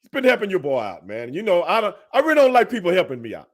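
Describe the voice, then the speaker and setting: A man's voice: high voice, huge pitch swings, quick pace. Laid-back Texan host peppering talk with "man". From Texas. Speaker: podcast host. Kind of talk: casual interview chat.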